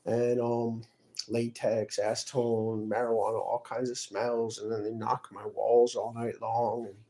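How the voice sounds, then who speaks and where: Weary, aggrieved man with a mellow voice. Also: medium pitch, flat delivery, a little slow. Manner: aggrieved, weary, trailing off quietly. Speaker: vlogger. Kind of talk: rambling personal monologue.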